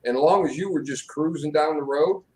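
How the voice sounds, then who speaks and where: A man's voice: a little high, fairly quick, a little mellow, low-quality recording. A man in casual chat, jokingly reminiscing and trading stories. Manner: chatty, jokey reminiscing. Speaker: podcast co-host.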